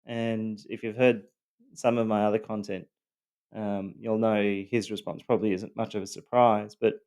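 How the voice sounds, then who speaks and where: A man telling his own story of family abuse in a halting, blunt way, full of fillers and the odd swear word. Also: on the low side, flat delivery, darkish tone, clean tone. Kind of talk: personal storytelling to camera.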